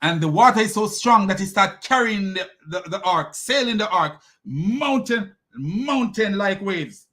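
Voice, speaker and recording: A man with a high voice hosts a commentary and mocks as he goes. His tone is bright and pointed. He laughs often and trips over restarts. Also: moderate pace, few pauses. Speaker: host. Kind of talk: critical commentary.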